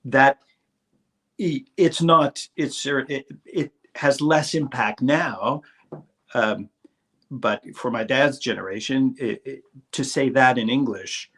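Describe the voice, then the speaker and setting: A man from French Canada, a show guest telling a story in casual conversation, halting with many fillers and restarts over a video call. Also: mid-range voice.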